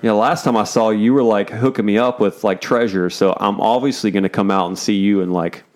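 A man's voice: on the low side, steady tone, a little fast, a little mellow. A man casually teaching through a Bible chapter, joking and paraphrasing in laid-back slang.

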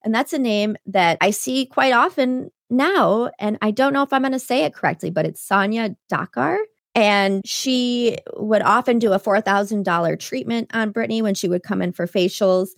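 A woman's voice: mid-range voice, normal speed, gravelly, no echo. Woman podcast co-host, casual chat, wry asides, dry close sound. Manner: chatty, recapping with wry asides.

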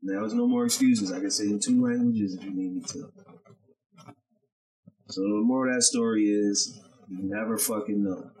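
Animated man telling a kitchen story. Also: lowish voice, moderate pace, creaky, pauses often, low-quality recording. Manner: animated, acts out quoted people, swears freely. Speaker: podcast co-host, chef. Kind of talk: casual storytelling chat.

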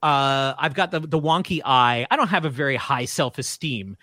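A man guesting on a podcast, telling stories in an animated way, laughing often and acting out quotes. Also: mid-range voice, moderate pace, no room sound. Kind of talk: casual storytelling.

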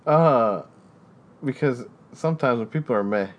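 A man's voice: mid-range voice, lively intonation, measured pace, highs cut off. A man hosting a casual trivia game, who teases and laughs often. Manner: playful, teasing, laughs often. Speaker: quiz host.

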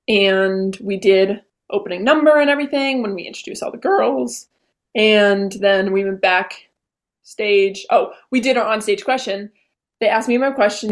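A young woman in her late teens talks as a podcast guest, bubbly and animated, retelling what happened in quick chatty bursts. Her voice sits at an ordinary middle pitch for a woman. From Vermont. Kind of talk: casual interview storytelling.

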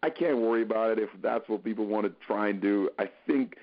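Male actor, podcast guest, low voice, earnest, encouraging, muffled lo-fi recording. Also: fast. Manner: earnest, encouraging, thinks aloud. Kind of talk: casual podcast interview. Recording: dull lo-fi podcast audio.

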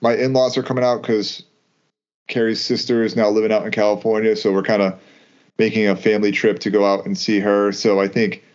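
A man's voice: on the low side, little pitch movement, a little mellow, highs cut off. A man co-hosting a podcast in casual chat, talking loosely with lots of "like" and restarts. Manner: loose, halting talk full of "like" and restarts. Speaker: podcast co-host.

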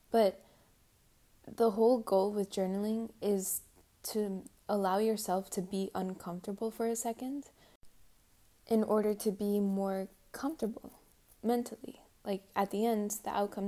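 Chatty young woman with a mellow voice. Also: medium pitch. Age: young adult. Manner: chatty, rambling, lots of "like". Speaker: student vlogger. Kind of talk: casual advice talk. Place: abroad, six hours ahead of home.

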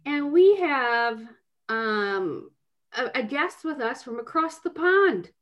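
A woman's voice: sits high, big pitch swings, slow pace, a bit bright. A woman co-hosting a casual podcast, chatty and rambling, with plenty of filler words as she asks questions. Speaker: podcast co-host.

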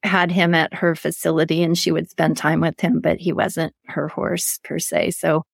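Gravelly-voiced woman host, affirming. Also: sits low, little pitch movement, normal speed, no echo, clean studio sound. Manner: affirming, eager to relate her own experience. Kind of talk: casual conversational chat.

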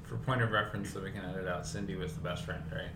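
A man co-hosting a casual movie podcast, blunt and quick with exclamations and swearing. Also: low-pitched, steady tone, fairly bright tone. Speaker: podcast co-host. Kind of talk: casual movie review chat. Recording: echoey room with clear background noise.

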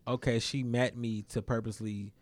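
Young man telling a wild story. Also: moderate pace. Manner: animated storytelling, acts out quotes with sudden high-pitched squeals. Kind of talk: casual chat.

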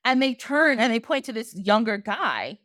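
Animated woman retelling a folk tale. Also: on the high side, normal speed, no room sound, clean studio sound. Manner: animated, laughs often. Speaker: podcast host. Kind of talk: casual storytelling.

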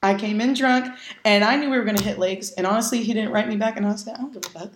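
Speaking fast in a mid-range voice, this young woman is a podcast guest full of laughter and swearing as she acts out the dialogue in her casual, animated stories. There's a little hiss or hum on the track, and the room echoes.

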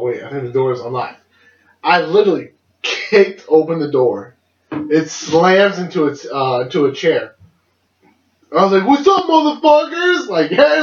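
Young man rambling through a story, roomy lo-fi. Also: on the high side. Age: young adult. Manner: rambling, laughs often, swears freely. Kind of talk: casual podcast storytelling. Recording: dull lo-fi roomy recording.

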